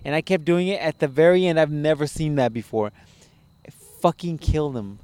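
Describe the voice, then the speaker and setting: A young man chatting casually on a podcast, telling stories full of swearing and laughter. His voice is fairly high for a man, smooth and clear, and the sound is dry and close. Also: brisk, no room sound. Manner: profane, animated storytelling with laughs. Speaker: podcast host. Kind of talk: casual chat.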